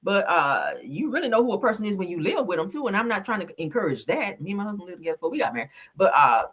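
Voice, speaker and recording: A woman's voice: mid-range voice, big pitch swings, racing, fairly bright tone, husky. A woman hosting casual reality TV gossip commentary, sassy, blunt and full of slang. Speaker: host.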